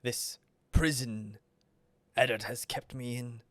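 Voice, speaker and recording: Vrag, a man voicing a quiet, cold demon lord. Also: steady tone, no echo, clean studio sound. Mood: coldly menacing. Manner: low, quiet, measured and cold. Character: calm menacing male demon overlord.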